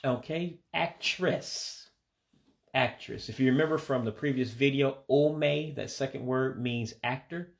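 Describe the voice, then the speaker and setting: During a relaxed lesson at home, a man works through vocabulary at an unhurried pace, saying each word slowly and carefully. His mid-pitched voice carries vocal fry, and he hesitates now and then with uh and um. He is a language learner teaching vocabulary.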